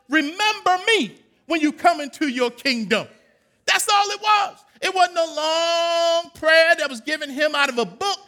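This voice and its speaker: A man, preaching a sermon that swings from low, quiet talk to loud shouted calls. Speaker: pastor.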